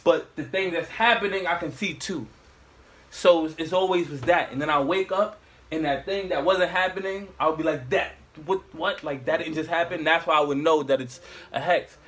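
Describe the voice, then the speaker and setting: Young man, husky, higher pitched, casual slangy storytelling. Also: moderate pace. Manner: slangy, rambling, animated storyteller.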